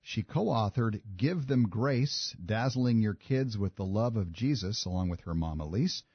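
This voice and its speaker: A man's voice: fairly low pitch, animated, a little slow, breathy edge, dry recording. A man hosting a radio call-in show, reading promos and interviewing a guest conversationally. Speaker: radio talk show host. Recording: dull lo-fi radio audio with faint music.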